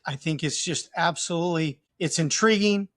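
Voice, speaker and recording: A man's voice: on the high side, normal speed, no room sound, clean studio sound. A man hosting a podcast interview, wrapping up with effusive, admiring praise for his guest. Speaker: podcast host.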